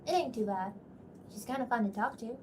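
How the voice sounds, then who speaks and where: Woman voicing a higher-pitched serious young barmaid with an accent. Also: a little fast, noisy background, natural voice. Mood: chatty. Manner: speaks with a put-on accent. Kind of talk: reading animatic script lines. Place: at home, seated.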